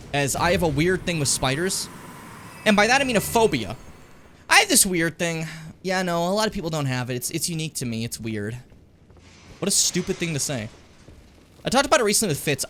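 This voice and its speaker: A man streaming a game, chatting casually and ranting with lots of swearing, loud one moment and muttering the next. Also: fairly high pitch, slight background noise. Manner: animated, swearing, ranting loudly then muttering. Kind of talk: casual gaming stream chat and rant.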